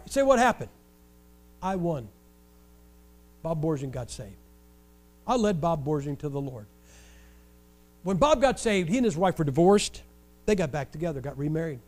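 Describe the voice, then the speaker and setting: An older man from Ohio preaches in a noticeably high voice. He tells his stories with animated energy and lands jokes with dry, wry sarcasm. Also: normal speed, long pauses. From Ohio, USA. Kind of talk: storytelling sermon.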